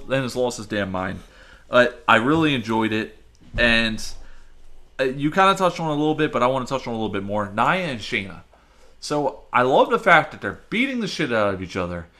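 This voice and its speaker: A man co-hosting a wrestling podcast, chatting casually and getting animated when excited. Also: mid-range voice, fairly quick. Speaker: podcast co-host. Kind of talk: casual chat.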